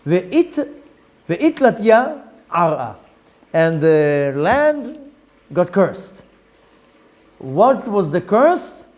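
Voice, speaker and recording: A man teaching as a rabbi, giving a slow explanatory class and stressing points by repeating phrases. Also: sits high, sing-song, a little mellow.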